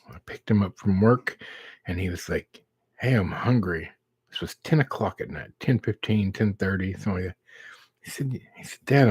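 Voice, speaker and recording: A middle-aged man with a slightly husky, low voice spins a casual anecdote for a live stream. He takes his time, drawing words out as he goes, and the sound is close and dry. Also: dry recording. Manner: slow, drawn-out storyteller who acts out quoted dialogue.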